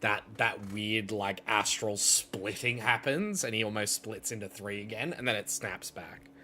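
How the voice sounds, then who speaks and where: A man narrates as dungeon master in an unhurried, fairly low voice. He stumbles through his descriptions with fillers and restarts. A faint noise sits under the recording. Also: sharp tone. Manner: hesitant, many fillers and restarts. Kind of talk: narrating a tabletop game.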